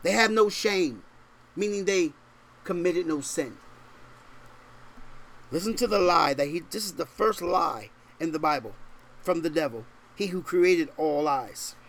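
High-voiced emphatic male pastor preaching. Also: unhurried, long pauses. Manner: emphatic, rhetorical questions to the congregation; shifts between raised, forceful stresses and low, quiet asides. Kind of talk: sermon.

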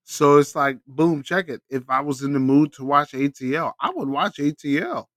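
A man's voice: a little high, animated, moderate pace, a bit bright, no room sound. A man co-hosting a podcast, telling an anecdote in a laid-back, rambling, profane way. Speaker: podcast co-host. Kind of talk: casual chat.

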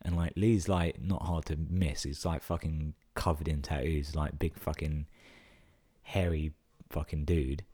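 A man's voice: a bass voice, fairly even intonation, unhurried, mellow, slightly rough. A young man tells stories casually, swearing a lot and filling his talk with 'like'. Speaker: vlogger telling stories. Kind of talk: casual storytelling.

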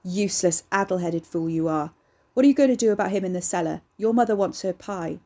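A woman doing a gruff, sneering old country father. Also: fairly quick, dark tone. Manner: rumbling, contemptuous.

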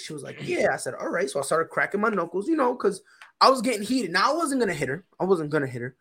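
A man's voice: sits high, big pitch swings, fast, bright, forceful tone, slightly rough. A man co-hosting a podcast, telling a story in a casual, slangy way and often repeating himself. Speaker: podcast co-host.

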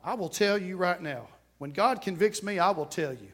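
A man with a notably high speaking voice preaches in church. His delivery is fervent yet conversational. He drops into quiet, joking asides with the congregation, then rises into loud exclamations. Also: animated, normal speed. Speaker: pastor. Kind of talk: sermon.

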